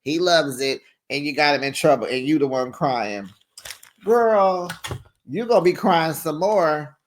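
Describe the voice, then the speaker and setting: A host giving a sassy, gossipy recap of a reality show, animated and quick to laugh, with casual slang like "honey" and "child.". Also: mid-range voice.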